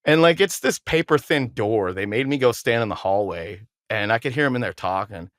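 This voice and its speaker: A male musician guesting on a podcast tells long, casual stories in a storytelling interview, animatedly acting out what others said and restarting frequently as he rambles. His voice sits on the low side and runs a little fast. The recording is dry with clean studio sound.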